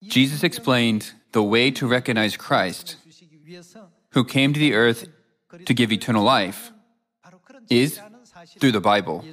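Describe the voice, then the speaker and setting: A man preaching in a measured, solemn read-aloud style, quoting scripture between his points. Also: mid-range voice, a bit bright. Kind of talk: scripted sermon narration.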